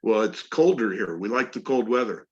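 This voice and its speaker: A man's voice: on the low side, lively intonation, lo-fi sound. A man playing a hesitant homeowner. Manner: hesitant, halting. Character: hesitant middle-aged male homeowner prospect.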